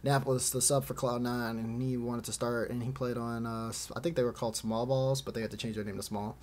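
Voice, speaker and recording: A man's voice: mid-range voice, little pitch movement, a little fast, a little hiss or hum. Rambling, laughing male esports podcaster. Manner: rambling, many fillers, laughs often. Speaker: podcast host. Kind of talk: casual chat about esports.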